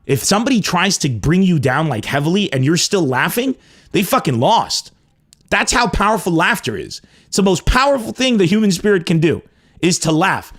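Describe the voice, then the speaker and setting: Animated, profane male comedian. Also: normal speed. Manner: emphatic, profane, swings between loud bursts and low asides. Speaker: comedian podcast host.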